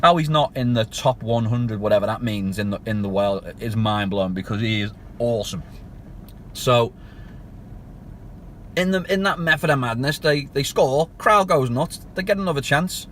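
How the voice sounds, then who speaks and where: A man's voice: mid-range voice, animated, moderate pace, fairly bright tone, slight background noise. A man giving a passionate, ranting fan review of a match in clipped, punchy phrases. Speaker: football fan channel host.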